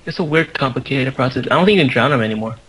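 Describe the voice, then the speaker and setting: Young male gamer, bright-voiced and dryly teasing. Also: medium pitch, lively intonation, rapid-fire, slight background noise, low-quality recording. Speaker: gaming friend. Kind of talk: casual gaming chat.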